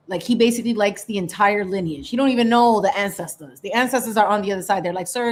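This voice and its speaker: A woman hosting a casual livestream, chatty and animated, laughing often and slipping into Spanish phrases. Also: medium pitch. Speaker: livestream host.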